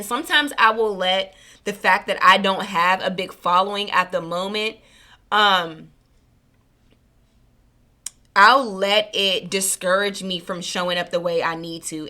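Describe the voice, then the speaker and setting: Bright-voiced woman talking earnestly. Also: medium pitch. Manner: rambling, earnest, self-correcting, colloquial. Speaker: spiritual reader and channel host. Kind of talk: casual heartfelt monologue to viewers.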